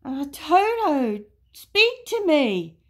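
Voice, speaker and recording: A woman voicing a bold, boisterous jungle animal who talks loudly and lively. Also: high-pitched, slow pace, pitched above the performer's own voice, heavily acted. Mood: worried. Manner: loud, lively, teasing.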